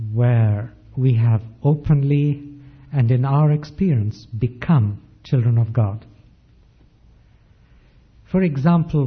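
A man preaching a sermon, slow and emphatic, with measured pauses. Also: mid-range voice, husky. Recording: dull lo-fi recording.

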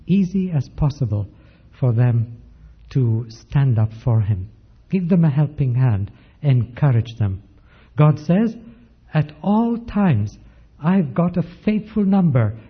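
Slow, husky-voiced male preacher. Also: on the high side. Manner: slow, emphatic preaching with measured pauses. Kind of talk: sermon. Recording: dull lo-fi recording.

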